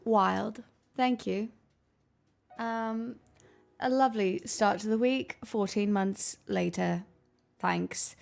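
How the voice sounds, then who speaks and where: A woman's voice: mid-range voice, slow, gravelly, long pauses. A young woman hosting a live stream, chatting casually with her viewers in a playful, teasing way and laughing often. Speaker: livestream host chatting with viewers.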